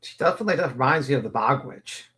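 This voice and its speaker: A man co-hosting a casual gossip livestream, crude and slangy, quick with jokes. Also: mid-range voice, lively intonation, a bit bright. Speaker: livestream co-host.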